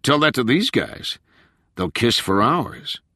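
A man's voice: mid-range voice, very animated, takes it slowly, pushed and bright, dry recording, studio quality, pitched above the performer's own voice, heavily acted. A man doing a roguish, joking grown man. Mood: playful. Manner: joking, self-deprecating.

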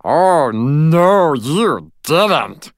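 A man voicing a tiny, fiery male fairy soldier who speaks in a shrill, theatrical, pompous voice. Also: sing-song, slow pace, pushed and bright, no echo, clean studio sound, exaggerated voice. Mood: outraged. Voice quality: shrill, theatrical, like a Shakespearean actor on helium. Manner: indignant, grandly formal.

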